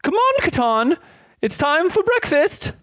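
A high, bright farm mother in a tabletop game, chatty and pushy, fussing over her many dresses while she hurries her son along, as a man puts her on. Her voice jumps far above his own and rings out loudly. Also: very animated, measured pace, dry recording, clean studio sound, heavily acted. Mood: cheery nagging. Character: fussy, doting middle-aged mother.

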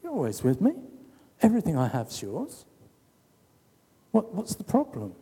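A preacher voicing a generous father calmly reassuring his son. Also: fairly high pitch, moderate pace, breathy edge, big-room sound, pitched above the performer's own voice, full character voice. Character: loving father, older man, patient and generous.

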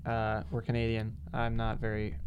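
A man's voice: on the low side, monotone, normal speed, lo-fi sound, a little hiss or hum. A man co-hosting a podcast, commenting in a dry, matter-of-fact way. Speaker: podcast co-host. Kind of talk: casual chat.

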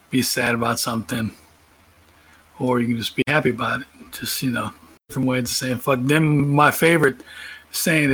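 A man from Georgia in the United States being interviewed, relaxed and rambling, laughing at himself. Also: mid-range voice, slightly rough, rough recording.

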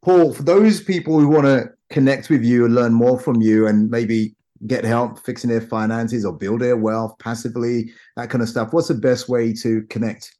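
A man's voice: medium pitch, fairly even intonation, moderate pace, hardly any pauses, warm tone. A man hosting a business podcast, affirming his guest and repeating phrases for emphasis. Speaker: podcast host. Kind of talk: interview hosting.

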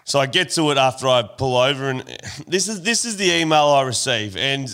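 A man's voice: medium pitch, expressive, normal speed, fairly bright tone, clean tone. An Australian man in his thirties hosting a podcast, reading an email aloud and ribbing his guest in casual banter. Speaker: podcast host.

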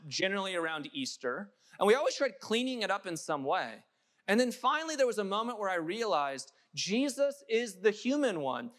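A man's voice: high voice, fairly bright tone. A young adult man preaching a sermon, impassioned and building to emphatic peaks. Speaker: pastor.

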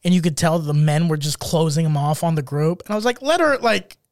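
A man's voice: a little high, steady tone, fast, mellow, no echo, clean studio sound. A young man co-hosting a podcast, telling stories in a casual chat and acting out the people he quotes. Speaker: podcast co-host.

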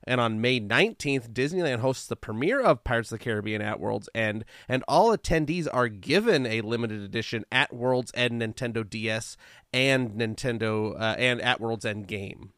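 A man co-hosts a casual podcast, reading out a run of dates and events with a self-mocking laugh. His voice is smooth and resonant. The sound is dry and close, with no room around it. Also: mid-range voice, moderate pace, a bit bright, no room sound. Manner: laughs at himself, reads lists of dates and events. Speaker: podcast co-host.

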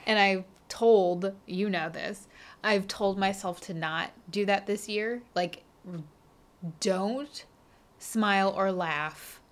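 A woman talking openly with her partner in a casual chat. She giggles often between words. Her voice sits at an ordinary pitch for a woman. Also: slow pace. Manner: giggly, candid.

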